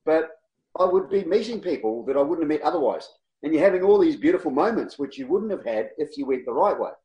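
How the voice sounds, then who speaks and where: A man tells his travel stories with animation, his voice sitting a little high for a man. The room around him rings with a noticeable echo. He laughs easily and slips into the voices of people he met. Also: expressive, fast talker, dark tone, muffled recording. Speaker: guest, long-distance cyclist. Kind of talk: casual storytelling interview. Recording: roomy echo.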